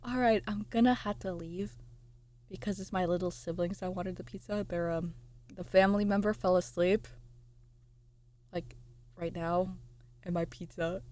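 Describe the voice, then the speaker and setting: A young woman streamer chatting casually with her viewers, reading out chat messages and swearing, excitable. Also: mid-range voice, moderate pace.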